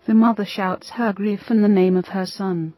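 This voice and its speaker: Woman reading a bible story aloud, steady n reverent, soft music behind. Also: mid-range voice, normal speed, no echo, low-quality recording. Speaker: narrator.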